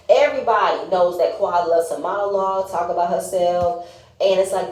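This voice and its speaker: A woman's voice: fairly low pitch, measured pace, a little mellow. A woman giving a blunt, sassy casual review of a reality show, swearing freely and acting out what the cast said. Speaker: reality TV recapper. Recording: echoey room.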